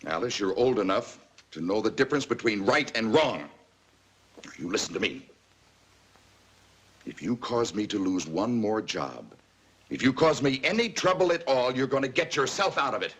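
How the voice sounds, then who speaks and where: A man's voice: mid-range voice, expressive, normal speed, long pauses, fairly bright tone, slight background noise, lightly acted. An actor playing a stern, fed-up middle-aged widowed father who scolds his daughter in a 1950s TV drama. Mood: angry.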